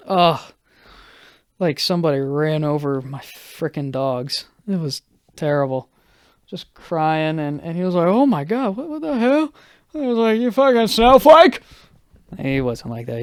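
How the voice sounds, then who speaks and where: A young man hosting a casual solo podcast, telling a personal story in a halting way, full of fillers and self-deprecating remarks. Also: on the high side, smooth, dry recording, clean studio sound. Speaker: podcast host.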